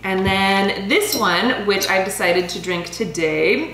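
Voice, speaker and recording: A woman in her thirties talks through a wine tasting in a relaxed, chatty way, laughing often and fumbling over foreign names. Her voice sits at a middle pitch. The room is echoey, with a faint hum underneath. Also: a little slow, few pauses. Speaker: vlogger reviewing wine. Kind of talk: casual chatty review. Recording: roomy home recording with faint hum.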